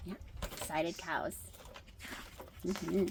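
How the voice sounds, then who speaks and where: A woman's voice: medium pitch, lively intonation, slight background noise. Older woman reading a storybook aloud. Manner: chatty, pausing to comment and wonder aloud. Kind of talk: children's picture-book read-aloud.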